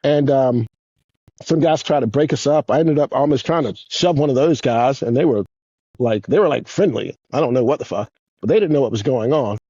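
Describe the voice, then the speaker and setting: A man in his fifties, a guest on an interview show, telling rambling, profane stories in a casual, animated way. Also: medium pitch, fairly quick, husky, dry recording, highs cut off. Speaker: guest, former pro skateboarder. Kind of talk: casual storytelling.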